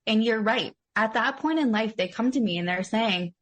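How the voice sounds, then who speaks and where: A woman's voice: a little high, normal speed, hardly any pauses, a bit bright. A young adult woman, a mindset coach, talking enthusiastically as a podcast guest with lots of fillers. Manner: enthusiastic, effusive praise, filler-heavy. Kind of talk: casual interview chat.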